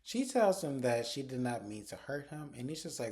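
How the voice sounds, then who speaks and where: A young man casually recapping a TV episode to his viewers, chatty and animated, acting out the characters' lines as he goes. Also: medium pitch, normal speed. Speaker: TV episode reviewer.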